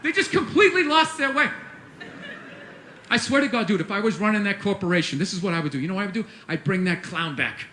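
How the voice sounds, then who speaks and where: A man doing a stand-up comedy rant, profane and exasperated, bursting into shouts. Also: high voice, animated, fast, reverberant, slight background noise.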